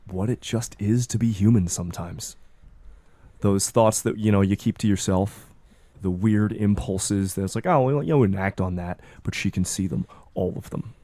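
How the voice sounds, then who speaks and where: A man narrating a tabletop horror role-playing game as game master, in a low, measured, grave way. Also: fairly even intonation, mellow, no echo.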